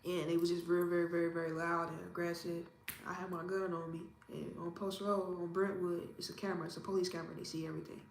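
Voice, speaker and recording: A woman in her thirties from Indiana, giving her opinions in a casual interview in a calm, measured, self-assured way. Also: fairly low pitch, slight background noise. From Indiana, USA. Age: 30s. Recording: roomy echo with faint ambience.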